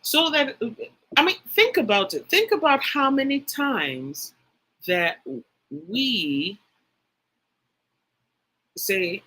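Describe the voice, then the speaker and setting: A woman's voice: sits high, very animated, very slow, pauses often, bright, forceful tone, rough recording. A woman giving a livestreamed spiritual teaching talk. She speaks emphatically, repeats phrases for stress and speaks directly to her live chat viewers.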